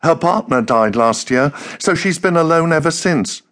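A male audiobook narrator voicing a sad young woman, speaking softly in a raised, melancholy tone. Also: lively intonation, moderate pace. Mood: wistful. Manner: soft, melancholy, pitched up. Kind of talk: audiobook character voice.

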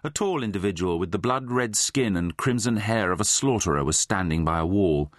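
A man with a low-sitting voice reads a children's fantasy audiobook at a moderate pace. The scripted storybook narration is expressive, with many character voices, and the recording is dry and studio quality.

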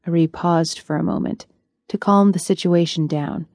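Woman reading a romance audiobook, mellow and low, dead dry booth. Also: steady tone, normal speed, gravelly, no echo. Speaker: audiobook narrator. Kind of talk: scripted narration.

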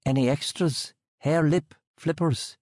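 A woman's voice: low voice, slow pace, darkish tone, dry recording, studio quality, voice pushed up. A man voicing a young mother in labour, her speech slurred and joking. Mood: slurred cheeky. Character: young Irish mother in labour, cheeky and groggy.

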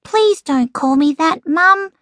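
An eager little boy koala speaks up brightly and politely, as a woman puts him on. His voice is pitched well above hers and carries a lively lilt. The recording is dry and close. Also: takes it slowly, no room sound, exaggerated voice. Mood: earnest. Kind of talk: audiobook character voice.

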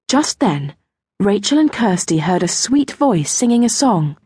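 A woman narrating a children's audiobook in a gentle storytelling manner. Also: mid-range voice, measured pace, husky, dry recording, clean studio sound. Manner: gentle storytelling, lively intonation. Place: recording studio. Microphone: close studio mic.

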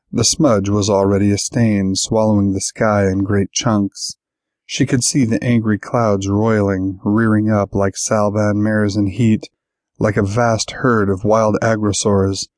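A man narrating a science-fiction audiobook in a measured, even storytelling manner on a close studio mic. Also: fairly low pitch, dry recording. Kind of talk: scripted narration.

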